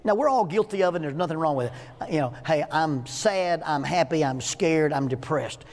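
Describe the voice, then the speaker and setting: A man's voice: fairly high pitch, fast, darkish tone. Joking man in his sixties teaching. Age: 60s. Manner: folksy, joking storyteller asking the audience questions. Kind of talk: church teaching lesson. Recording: hall with long echo.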